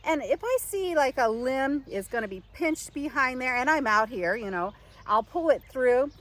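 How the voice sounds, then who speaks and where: Out in her home garden, an older woman rambles casually through a how-to, full of fillers and restarts, into a camera she arranged and angled on her own. Her voice sits high, fairly bright in tone, with lively intonation and a normal pace. The sound is rough.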